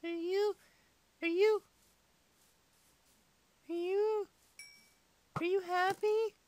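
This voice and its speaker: A man's voice: steady tone, very slow, darkish tone, no echo, exaggerated voice. A man putting on a whiny little boy's voice for a comedic game play-along, rambling rude silly remarks. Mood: childish. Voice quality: squeaky high-pitched.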